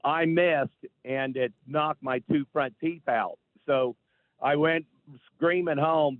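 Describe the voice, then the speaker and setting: Animated male caller on a tinny phone line. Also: a little high, no echo. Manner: animated storyteller, insistent. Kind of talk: call-in radio chat.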